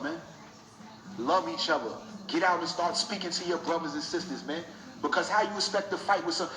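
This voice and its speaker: A young man giving an emotional, preaching talk to his viewers, repeating his points over and over. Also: fairly high pitch. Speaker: vlogger. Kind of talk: impassioned talk to camera. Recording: echoey room.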